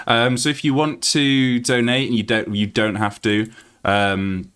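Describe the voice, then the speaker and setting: A British man live-streaming a game, excitable and laughing often, swearing freely while he plays and talks to viewers. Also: mid-range voice, takes it slowly, smooth.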